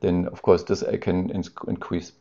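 A man's voice: sits low, little pitch movement, moderate pace, warm tone. A man doing a casual live-coding stream, thinking aloud with many ums and restarts and answering chat questions with amusement. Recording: dull lo-fi stream audio.

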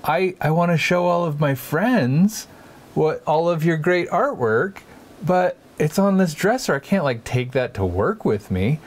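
A man voicing an overjoyed, cheerful mother who gently coaxes her child, in a high, sweet tone. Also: animated, unhurried. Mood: gushing. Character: gushing cheerful mother, adult woman.

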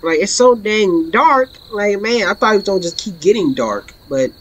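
A woman streaming a horror game, commenting in a playful, slangy, trash-talking way and breaking into excited shouts. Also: mid-range voice, normal speed, a little hiss or hum. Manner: excitable, bursts into laughing shouts. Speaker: gaming streamer. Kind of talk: let's play commentary.

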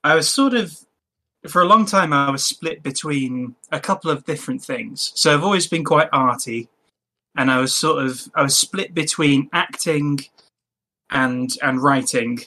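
Bright-voiced chatty young man, podcast guest. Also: fairly high pitch, unhurried. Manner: chatty, laughs often, restarts sentences. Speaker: podcast guest, game master. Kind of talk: casual podcast chat.

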